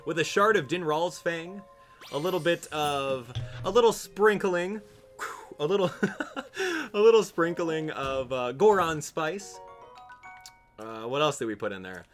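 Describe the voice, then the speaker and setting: A man's voice: on the high side, big pitch swings, unhurried, faint music behind. A young man chatting casually while streaming a game live, joking with viewers and laughing often. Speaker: gaming streamer. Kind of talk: live gameplay stream chat.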